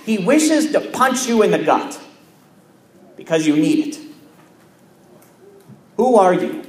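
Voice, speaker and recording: Pastor, male, high-pitched, slow deliberate sermon delivery in a roomy church. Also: big pitch swings. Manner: measured preaching with repeated phrases and pauses.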